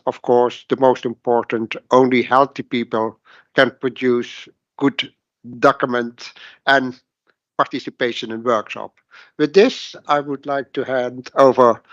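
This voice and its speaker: A man's voice: mid-range voice, no echo, muffled recording. A man chairing a workshop, making polite formal remarks in slightly broken phrasing. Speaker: session chair.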